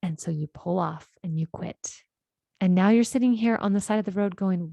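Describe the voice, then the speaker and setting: A woman's voice: fairly low pitch, moderate pace, vocal fry, no room sound, highs cut off. A woman life coach hosting a podcast, explaining ideas in an earnest, conversational monologue and often checking in with "right?".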